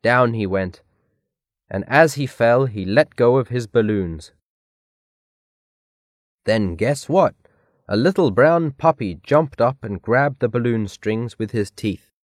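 A man reading a children's picture book aloud in a careful, clear read-aloud manner. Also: medium pitch, animated, slow pace, pauses often, dry recording, studio quality. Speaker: storybook reader. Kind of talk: scripted narration of a children's story.

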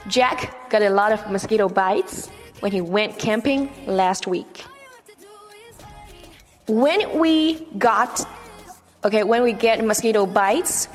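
Slow-paced woman teaching vocabulary. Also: mid-range voice, in a large hall. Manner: repeats each word, checks in with "okay?". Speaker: English teacher. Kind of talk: vocabulary lesson.

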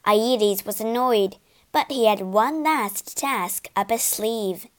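A woman narrating a storybook for English learners, reading slowly, clearly and expressively. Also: fairly high pitch.

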